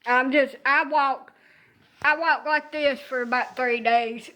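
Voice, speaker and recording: Speaking slowly with fairly even intonation, this Alabama woman in her late thirties streams a comic rant straight to camera in her high voice. She grumbles and curses, piling up loud, exaggerated complaints in a loose, casual storytelling style.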